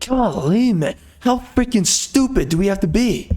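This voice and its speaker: Angry ranting man, fairly high voice. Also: lively intonation, moderate pace, mellow. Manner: angry, minced swearing, rhetorical questions. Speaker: gameplay video host. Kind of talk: ranting commentary over gameplay.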